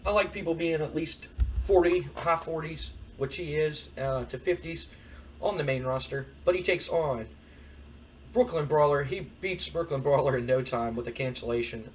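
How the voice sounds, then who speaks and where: A man's voice: medium pitch, a little hiss or hum. A man hosting a let's-play, casually recapping what happens and slipping into quoted dialogue as he retells it. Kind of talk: casual game commentary.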